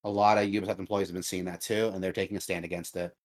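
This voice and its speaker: A man with a lowish voice co-hosts a casual gaming podcast. He speaks earnestly and steadily, pausing often on ums as he reads through the news. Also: flat delivery. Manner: earnest, measured, frequent ums. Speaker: podcast co-host.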